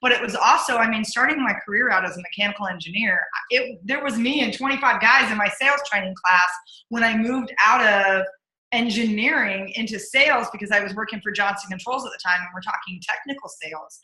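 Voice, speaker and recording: Woman, bright forceful voice, energetic punchy storyteller, echoey room. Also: medium pitch, a little fast. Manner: energetic, punchy, acts out her inner voice. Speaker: podcast guest, accountability coach. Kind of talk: candid interview storytelling.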